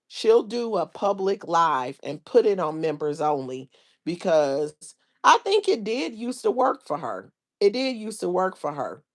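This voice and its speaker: Woman on a live stream spilling tea, low voice, drawly and gossipy. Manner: gossipy, drawling, reads chat comments aloud. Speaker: livestream host. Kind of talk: casual commentary on online drama.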